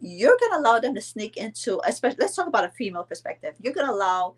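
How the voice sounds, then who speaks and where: A woman's voice: on the high side, very animated, racing, slightly rough. A woman in her forties from Belize, talking casually and rambling with lots of fillers on a live stream. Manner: chatty, rambling, many fillers and restarts. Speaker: vlogger.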